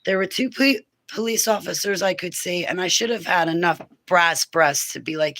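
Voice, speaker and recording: Her pitch fairly low and her tone a bit bright, this fifty-something woman talks at a moderate pace with few pauses. A speaker on spiritual warfare, she rambles casually about faith, breaking into laughs and forceful preaching, on a rough recording.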